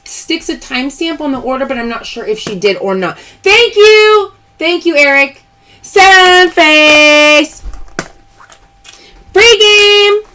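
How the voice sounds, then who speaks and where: A woman's voice: high voice, a bit bright, a little hiss or hum. A woman hosting a live-stream sale, chatting casually, calling out games and thanking viewers by name. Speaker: host of a live pearl-opening sales stream.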